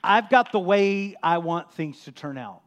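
A man's voice: animated, unhurried. Impassioned man preaching a sermon. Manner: impassioned, rising to loud emphatic peaks then dropping low and soft. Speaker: pastor.

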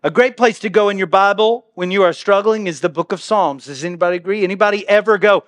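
Guy preaching, pretty high voice, jokey and chatty, goes loud then drops real quiet. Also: a little fast, few pauses. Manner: humorous, conversational, swings between loud reading and hushed asides. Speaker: pastor. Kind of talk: sermon. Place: church sanctuary.

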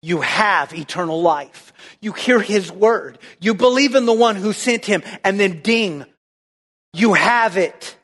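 High-voiced energetic male preacher. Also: a little slow. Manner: energetic, rhetorical questions to the congregation. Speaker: pastor. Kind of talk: sermon. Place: church.

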